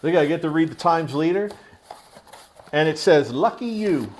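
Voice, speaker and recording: A man's voice: a little high, moderate pace, a little hiss or hum. A man from Pennsylvania hosting a casual unboxing vlog, talking loosely with lots of swearing and rambling asides. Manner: scolds his pet mid-talk. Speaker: tattoo channel host.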